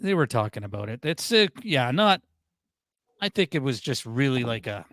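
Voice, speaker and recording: A man's voice: mid-range voice, very animated, normal speed, a bit bright, dry recording. A man hosting a casual comedy podcast, joking around and laughing often. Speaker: podcast host.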